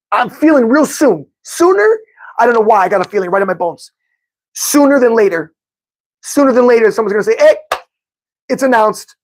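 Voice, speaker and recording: A man hosting a casual live-stream sports podcast, talking excitedly and greeting viewers in the chat by name. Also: high voice. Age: adult with a son. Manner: excitable, talks to chat viewers by name, says bro a lot. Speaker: podcast host.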